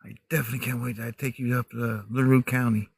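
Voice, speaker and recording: A man's voice: medium pitch, flat delivery, quick pace, gravelly, breathy edge, no echo. A middle-aged man talks casually into his phone outdoors in the woods at night. His American accent blends Midwestern, Southern and Northern sounds. He chats straight to his viewers, and the recording is dry, close and plain. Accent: mixed American, Midwestern, Southern and Northern. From United States, raised in many states. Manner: chatty, talks straight to viewers, laughs a lot. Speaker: livestream host. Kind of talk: casual livestream chat.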